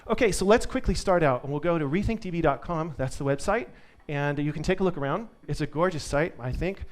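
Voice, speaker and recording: A man's voice: fairly high pitch, a little fast. A man giving a live conference tech talk to an audience, upbeat and joking. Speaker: conference speaker.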